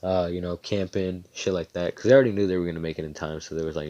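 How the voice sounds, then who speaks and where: Deep-voiced young man rambling casually. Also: steady tone, quick pace, few pauses, dark tone, no room sound. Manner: rambling, slangy, swears often. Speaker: fan storyteller. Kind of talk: casual storytelling.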